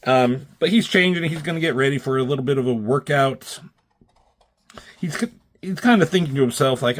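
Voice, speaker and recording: A man's voice: mid-range voice, brisk. A man casually recapping a comic book, rambling with frequent fillers and the odd swear.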